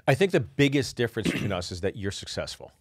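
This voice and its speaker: A man co-hosting a comedy podcast, talking in a laid-back, halting way with frequent restarts. He speaks into a close studio mic. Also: lowish voice, lively intonation, slightly rough, no room sound. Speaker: podcast co-host. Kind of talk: casual comedic chat.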